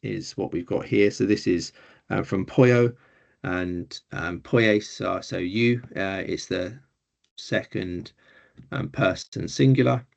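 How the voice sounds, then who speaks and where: A man's voice: low-pitched, slow pace, creaky, a little mellow. A man teaching a beginners' language class, explaining patiently and hesitantly with frequent ums. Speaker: Greek teacher. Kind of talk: informal online class teaching.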